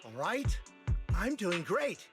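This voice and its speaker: A furious old book collector. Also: male voice, high-pitched, big pitch swings, takes it slowly, full character voice. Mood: angry. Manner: bitter, shouting. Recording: game audio with music.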